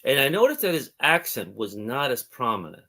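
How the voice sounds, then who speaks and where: A man's voice: mid-range voice, big pitch swings, normal speed, pushed and bright. A man from Texas, chatting as a guest on a livestream and rambling through stories. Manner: rambling, storytelling. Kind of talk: casual chat.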